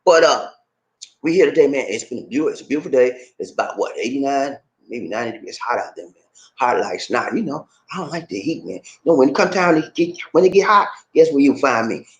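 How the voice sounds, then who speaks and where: A man from Charleston, South Carolina, with a Gullah Geechee accent, chatting casually to camera in an animated, laughing way, full of slang like "man" and "baby". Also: medium pitch, fast talker, lo-fi sound. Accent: Gullah Geechee, South Carolina Lowcountry. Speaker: vlogger. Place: Philippines.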